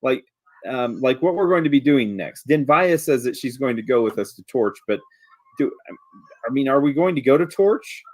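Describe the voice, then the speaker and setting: Man playing an earnest, duty-bound young warrior who stammers, lively pitch, dry sound. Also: moderate pace, no room sound, lightly acted. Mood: flustered. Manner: stammering, flustered.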